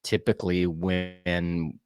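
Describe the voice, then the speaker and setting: Southern guy co-hosting a soccer pod, lowish voice, dry close mic, rambly and laid back. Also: slow, clean tone, no room sound. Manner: relaxed, rambling with fillers and restarts. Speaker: podcast co-host. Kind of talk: casual sports chat.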